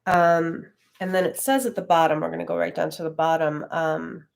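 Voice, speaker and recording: A woman's voice: sits low, level tone, moderate pace, gravelly. A woman leading an online class, talking in a reflective, conversational way with frequent fillers. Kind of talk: casual live-stream teaching.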